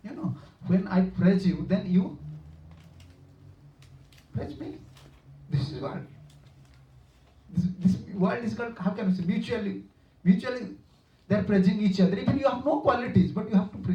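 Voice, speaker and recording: High-voiced man preaching in a roomy hall. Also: animated. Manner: halting, searching for words with repeated restarts and fillers; storytelling with chuckles. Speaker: monk preaching to devotees. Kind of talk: sermon. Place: lecture room. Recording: roomy, distant and dull-sounding room recording.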